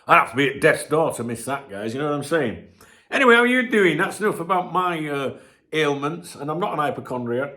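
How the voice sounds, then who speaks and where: A man from the UK hosting a casual morning football vlog at home, chatty and swearing freely, with a chesty cold that has him clearing his throat. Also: on the high side, lively intonation, brisk, bright, forceful tone. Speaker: football channel host. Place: indoors at home. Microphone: camera on tripod.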